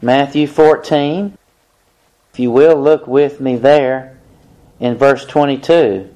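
A man preaching a sermon, reading Bible passages aloud and explaining them in a deliberate manner. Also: medium pitch, warm tone.

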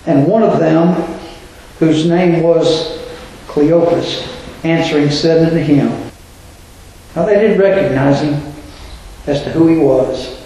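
Male preacher, high voice, rhetorical sermon delivery, very echoey church. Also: slow, pauses often, warm tone, slight background noise. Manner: rhetorical, asks the congregation questions. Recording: very echoey room.

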